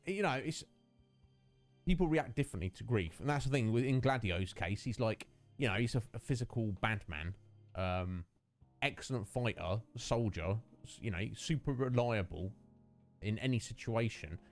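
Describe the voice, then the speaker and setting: A man's voice: on the low side, expressive, normal speed, faint music behind. A man streaming a video game, chatting casually and rambling through a rant with lots of fillers. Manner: rambling, ranting, many fillers.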